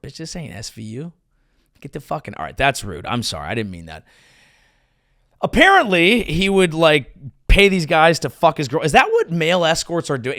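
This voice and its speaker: A male comedian hosting his own podcast, riffing crude jokes in an animated monologue on a close mic. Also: medium pitch, dry recording. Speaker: comedian host.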